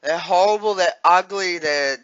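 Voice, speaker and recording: High-voiced, rambling Australian man. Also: normal speed, a bit bright, clear, resonant tone, dull audio. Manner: rambling, with many fillers and restarts, swearing freely. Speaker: vlogger. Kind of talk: casual vlog chat.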